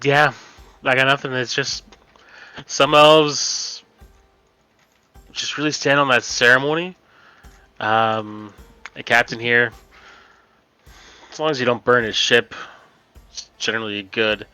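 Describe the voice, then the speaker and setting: A man narrates a tabletop game as its game master, talking quickly and casually. His voice is bright and crisp, recorded dry and close. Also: mid-range voice, flat delivery, dry recording, soft background music, rough recording.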